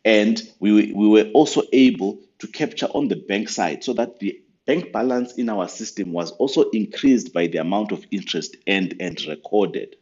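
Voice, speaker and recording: A man giving a patient step-by-step software tutorial over a screen recording. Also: on the low side, moderate pace, hardly any pauses, highs cut off. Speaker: software trainer.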